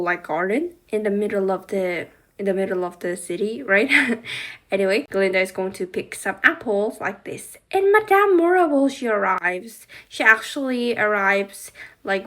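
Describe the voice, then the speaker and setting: A woman's voice: mid-range voice, a bit bright. A woman casually narrating a toy play-through, rambling with many fillers and restarts. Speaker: toy reviewer.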